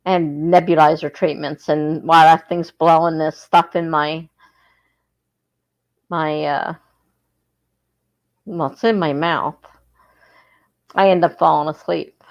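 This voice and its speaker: A woman's voice: low voice, steady tone, a little slow, vocal fry, pauses often, poor audio. A woman from the East Coast of the United States hosting a casual livestream, rambling and correcting herself as she grows sleepy. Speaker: livestream host of writing sprints.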